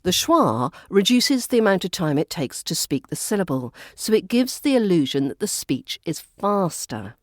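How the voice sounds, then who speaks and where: A woman with a Southern English accent teaching pronunciation on a podcast, repeating example words slowly and clearly. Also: on the low side, very animated, dry recording, clean studio sound. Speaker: accent coach. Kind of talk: podcast lesson.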